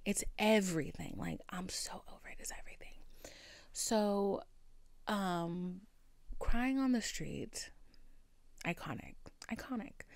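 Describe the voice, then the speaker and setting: Young woman hosting a podcast, casual confessional storytelling, swings from near-whispers to loud outbursts, mid pitch, dry close sound. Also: no echo. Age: 20s. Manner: profane and emphatic. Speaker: podcast host.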